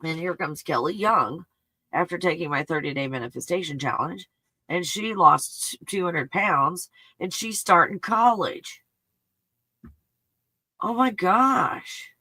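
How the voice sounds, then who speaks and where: A woman's voice: lowish voice, animated, slow, sharp tone, dry recording. A woman hosting a spiritual healing live stream, reading viewer comments and gushing with emotional exclamations.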